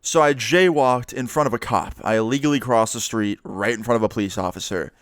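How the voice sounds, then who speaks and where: A young man from the New York area tells a personal story in a chatty, profane, animated way. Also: mid-range voice, brisk, clear, resonant tone, dry recording, studio quality. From New York area, USA. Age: young adult. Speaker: vlogger. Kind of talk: casual storytime monologue.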